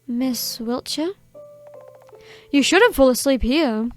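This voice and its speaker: A woman doing a quiet polite butler. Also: sits high, expressive, normal speed, faint music behind. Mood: gentle. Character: calm polite male butler. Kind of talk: reading game dialogue aloud.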